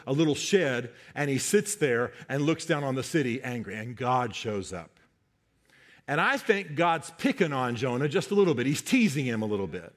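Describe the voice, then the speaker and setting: A male pastor delivers a sermon in a fairly high voice. He is emphatic and drives his points home by repeating key phrases. His delivery stays direct and urgent.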